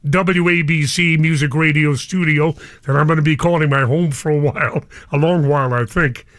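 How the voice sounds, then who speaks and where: A man's voice: a little high, steady tone, normal speed, a bit bright, no room sound. Older man, radio DJ, emotional, affectionate, dry close mic. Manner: affectionate, calls listeners cousins. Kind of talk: live radio address to listeners.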